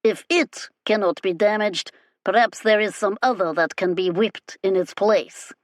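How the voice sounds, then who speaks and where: A woman's voice: medium pitch, a little slow, no room sound, studio quality, lightly acted. A woman voicing a threatening, contemptuous male soldier, speaking in a clipped, hard manner. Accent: strong Magdan (fictional).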